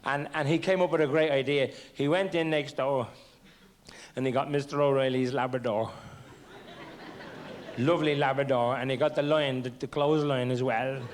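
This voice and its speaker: Caught on a hissy old VHS recording with a faint crowd behind him, a comedian does stand-up storytelling in a theatre. His medium-pitched voice stays steady at a moderate pace as he stammers through funny childhood memories with feigned innocence.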